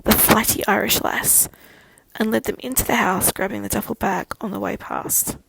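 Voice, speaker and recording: A woman narrating a fan fiction audiobook in a steady storytelling manner. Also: medium pitch, moderate pace, gravelly, background noise.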